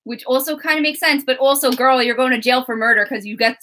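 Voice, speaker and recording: Her voice high and her delivery fast, a young woman co-hosting a laid-back TV recap conversation is animated, laughs a lot and plays out the characters.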